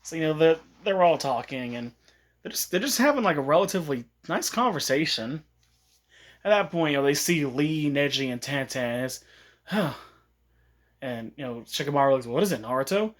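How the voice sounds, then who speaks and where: A man's voice: fairly high pitch, lively intonation, fairly quick. A man with a slightly raised voice tells a fan story in a loose, rambling way. He leans on fillers as he goes, and his tone stays casual throughout.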